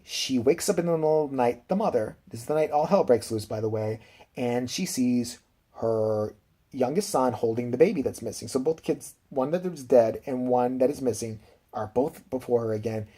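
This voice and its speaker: A man's voice: medium pitch, normal speed, warm tone. A man recapping a film in a rambling, profane, casual way with laughing asides. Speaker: film reviewer.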